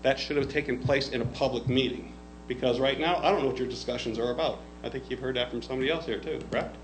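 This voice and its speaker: A man's voice: mid-range voice, quick pace, poor audio. A man with a mid-range voice criticizes how a county board runs its meetings. He asks rhetorical questions and answers them sarcastically. A faint hum sits under the recording. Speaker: public commenter.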